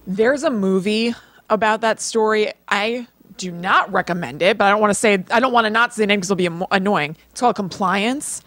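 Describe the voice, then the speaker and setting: A podcast co-host in casual chat, chiming in with quick agreements and chatty asides. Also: medium pitch, fairly bright tone. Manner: frequent short agreeing replies, chatty asides.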